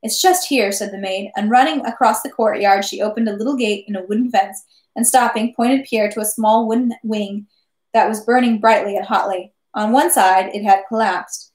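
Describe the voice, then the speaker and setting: A woman reading a classic novel aloud in measured, steady narration. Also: mid-range voice. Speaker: reader. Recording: echoey room.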